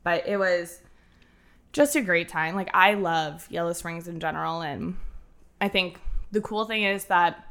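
A woman in her thirties from Ohio, telling a story as a guest, animated and laughing, with casual cursing. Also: lowish voice, unhurried. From Ohio, USA.

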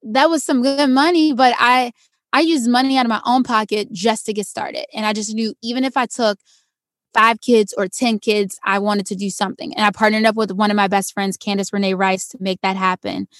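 A young adult woman, an actress and stuntwoman, telling her story in a casual interview and acting out quoted voices with big jumps in pitch. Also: fairly even intonation, fairly quick, no echo, clean studio sound.

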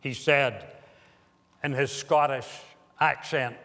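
A man preaching a sermon as pastor, slow and deliberate with emphatic pauses. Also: mid-range voice, fairly even intonation, sharp tone. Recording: long hall reverb.

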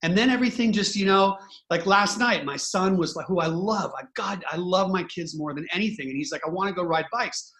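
An earnest man hosts a casual podcast chat in a voice pitched somewhat high for a man. He speaks from the heart and strings his thoughts together in long, run-on stretches. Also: fairly quick, hardly any pauses, fairly bright tone. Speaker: host, musician.

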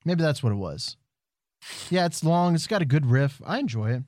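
Lively higher-voiced man, blunt podcast co-host. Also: moderate pace, no echo, studio quality. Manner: blunt, contrarian. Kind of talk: casual podcast banter.

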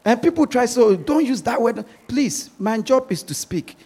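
Man, pastor, sermon, raspy, high-pitched, insistent, repeats himself. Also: animated, normal speed, mellow. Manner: emphatic, repeats words while pressing a point.

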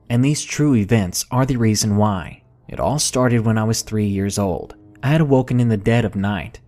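A man reading out a true scary story in a measured, unhurried way. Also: on the low side, a little mellow. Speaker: narrator. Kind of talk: scripted horror story narration. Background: faint background music.

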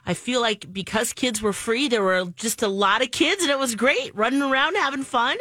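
A woman co-hosting a morning radio show, chatting in a bubbly way, quick to cheer along. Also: a little high, sharp tone, no echo, studio quality. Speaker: radio co-host. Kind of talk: casual morning radio banter.

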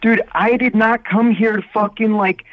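A man's voice: high-pitched, steady tone, moderate pace. A man from Wisconsin calling into a comedy podcast, swearing and trading combative insults. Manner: profane, combative, then playful. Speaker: caller. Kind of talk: prank call banter. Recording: muffled phone line.

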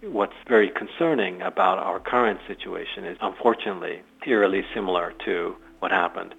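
A man speaking as an expert guest in an interview, measured and academic, pausing often. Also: sits low, lively intonation, vocal fry, fairly bright tone, husky. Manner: measured, academic, with pauses and fillers. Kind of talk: interview commentary. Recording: tinny phone-line audio.

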